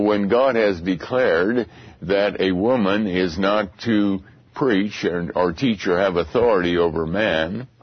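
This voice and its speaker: Deep, slow-speaking male Bible teacher. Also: no echo, highs cut off. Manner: deliberate, repeats phrases for emphasis. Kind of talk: Bible study lecture.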